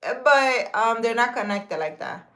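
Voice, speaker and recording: A woman with a somewhat high voice talks loosely and casually to her viewers as a spiritual healer. She rambles, trails off and restarts her sentences, and stops to answer their comments. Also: expressive, unhurried, pushed and bright. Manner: rambling, chatty, with many fillers and restarts; reads viewer comments aloud and answers them.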